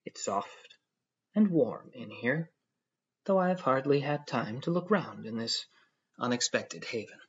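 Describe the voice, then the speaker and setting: A man voicing a self-important civil servant who lectures calmly and at length. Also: mid-range voice, slightly rough. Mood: pompous tranquil. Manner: measured, lecturing tone. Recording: dull lo-fi audio.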